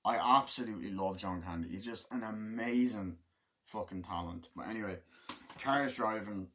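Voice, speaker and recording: A man talks through a film he adores, rambling from scene to scene with constant swearing and gushing praise. His delivery is loose and casual, like an excited fan recapping for friends. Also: lowish voice, moderate pace. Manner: profanity-laden, gushing, rambling. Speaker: movie reviewer. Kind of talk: casual enthusiastic scene retelling.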